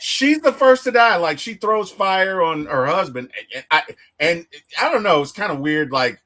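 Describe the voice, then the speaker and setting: A man in a casual film discussion, retelling scenes with lively storytelling and acting out the characters' lines. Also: high voice, moderate pace. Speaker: movie reviewer.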